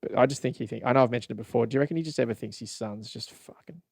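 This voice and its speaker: A young Australian podcast host rants casually on his solo show, swearing a lot, rambling, and laughing often in an animated way. His medium-pitched voice is gravelly and slightly rough, delivered rapid-fire on a dry, studio-quality recording.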